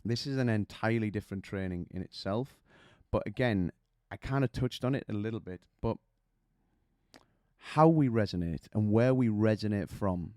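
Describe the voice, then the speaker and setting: A man's voice: lowish voice, normal speed, darkish tone, dry recording, studio quality. A man coaching singers, explaining vocal technique with images and questions to the listener.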